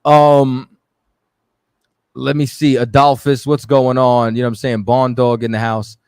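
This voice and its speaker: A man hosting a radio stream, chatting loosely and giving shout-outs to viewers. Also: medium pitch, little pitch movement, a little slow, clean tone, dry recording, clean studio sound. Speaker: radio show host. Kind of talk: casual live-stream talk.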